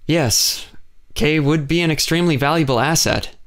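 A man voicing a composed, businesslike woman officer in a brisk, matter-of-fact manner. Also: on the high side, fairly bright tone, pitched above the performer's own voice.

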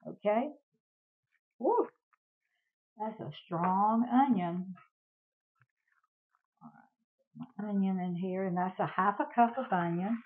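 A woman's voice: mid-range voice, a little slow, long pauses, narrow, tinny audio. Chatty older woman cooking. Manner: chatty, homey, addresses viewers as y'all. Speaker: cooking show host. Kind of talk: casual cooking demonstration.

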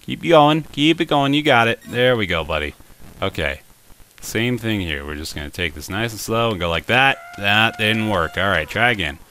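A young man giving let's play commentary, excitable and talking to the game, with frustrated exclamations and laughs. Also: on the low side, normal speed, a little hiss or hum. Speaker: gameplay commentator.

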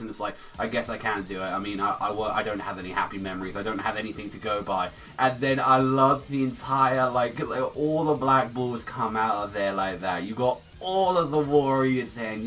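A man's voice: on the low side, a little fast, sharp tone, recorded from a distance. A man giving a casual, rambling manga chapter review, full of filler words and swearing.

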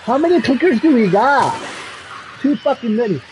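High, lively man cursing at a game. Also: moderate pace, slight background noise. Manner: profane, yells and pleads at the game. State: frustrated. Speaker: gamer streamer. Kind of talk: live gameplay commentary.

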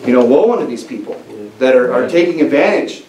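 A man's voice: mid-range voice, expressive, fairly quick, mellow, highs cut off. A male pastor preaching a sermon in a church, talking in an emphatic, conversational way with frequent restarts. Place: church sanctuary. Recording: echoey church room, mic at a distance, faint hiss.

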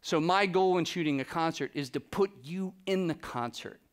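Chatty, animated, higher-voiced man. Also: normal speed. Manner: animated, chatty, acts out quoted people with dropped voice. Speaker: photographer giving a presentation. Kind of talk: live storytelling talk to an audience. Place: presentation room with a live audience.

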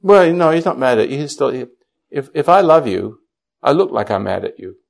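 A man's voice: a little high, lively intonation, moderate pace, creaky. An older man counseling a caller, blunt and teasing. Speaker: spiritual teacher answering a caller. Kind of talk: counseling on air.

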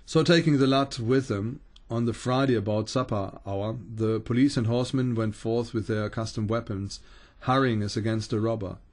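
A man, a Bible teacher, reads an ancient account aloud at an unhurried pace, with small stumbles and restarts. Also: fairly low pitch, fairly even intonation, darkish tone.

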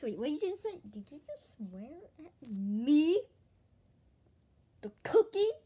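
High, lively woman voicing toy characters. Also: normal speed, a little hiss or hum. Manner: excitable, switches voices between characters. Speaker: toy skit narrator and voice performer. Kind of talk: playful toy role-play skit.

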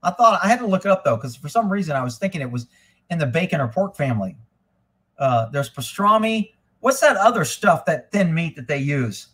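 A man hosting a casual live stream, rambling and swearing freely, getting animated when he retells a story. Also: fairly high pitch, brisk, breathy edge. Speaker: livestream host. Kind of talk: casual livestream chat.

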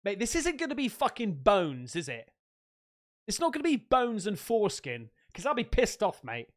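A man's voice: sits high, normal speed. Guy opening fan mail, hyped, swears a lot, voice jumps all over. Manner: excitable, swears freely, laughs often. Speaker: streamer host. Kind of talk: casual chat while unboxing fan mail.

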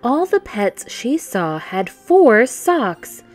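Slow, gentle woman reading a storybook. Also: fairly high pitch, very animated, soft background music. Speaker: storytime reader. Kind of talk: children's book read-aloud.

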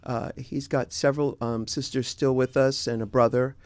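Older man, laid-back guest chat, halting with fillers, mid pitch, dry close sound. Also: no room sound. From San Diego, United States. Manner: relaxed, halting, many fillers and restarts. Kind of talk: casual interview chat.

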